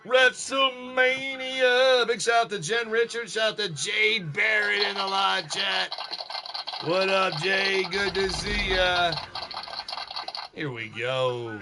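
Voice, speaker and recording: A man doing loose, chatty commentary over a wrestling video game on a live stream, giving shout-outs to his chat. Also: high voice, slow pace, music in the background. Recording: noisy game stream with background noise.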